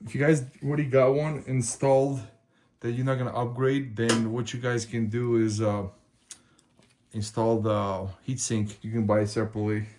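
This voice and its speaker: A man hosting a tech video speaks at a normal pace in a darkish, mid-range voice with little pitch movement. He casually talks the viewers ("guys") through installing hardware step by step as he does it, with slight noise in the background.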